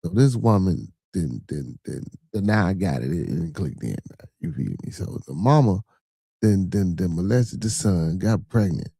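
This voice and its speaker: Gravelly man on a profane livestream. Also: low voice, very animated, unhurried, mellow, dry recording, clean studio sound. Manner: profane, rambling, reacts to chat viewers. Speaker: podcast host. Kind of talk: casual livestream chat.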